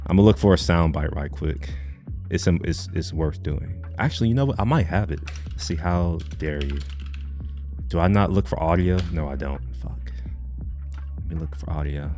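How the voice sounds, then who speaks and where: A man's voice: deep voice, lively intonation, a little fast, mellow, faint music behind. A young man chatting casually on a live stream, rambling and joking, with casual swearing.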